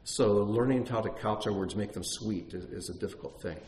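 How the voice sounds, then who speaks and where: A man teaching a congregation in an animated, conversational sermon, with self-deprecating asides. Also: fairly low pitch, fairly quick. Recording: echoey room, faint noise.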